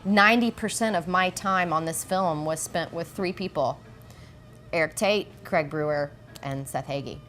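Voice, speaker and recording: Candid young actress, lower voice. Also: female voice, normal speed, faint music behind. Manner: candid, animated storytelling. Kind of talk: documentary interview.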